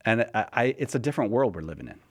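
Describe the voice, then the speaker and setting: A man's voice: fairly low pitch, big pitch swings, racing, slightly rough. A man hosting a podcast, telling a story in casual chat with many restarts and stumbles. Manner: mimics a cheerful chatbot voice in quotes. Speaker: podcast host.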